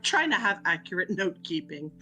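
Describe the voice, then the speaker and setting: Bright-voiced woman playing a tabletop game. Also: lowish voice, sing-song, normal speed, soft background music, low-quality recording. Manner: casual and chatty, with laughs. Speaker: player. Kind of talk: tabletop role-play chat.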